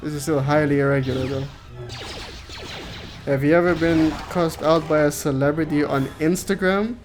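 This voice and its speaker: A man's voice: on the high side, steady tone, moderate pace, over music. A man streaming a game, chatting casually with viewers, joking and swearing freely.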